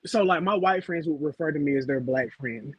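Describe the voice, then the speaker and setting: A man's voice: a little high, a little fast, breathy edge, no echo, rough recording. A man on a casual panel chat, laid-back and hesitant, often repeating himself as he starts sentences.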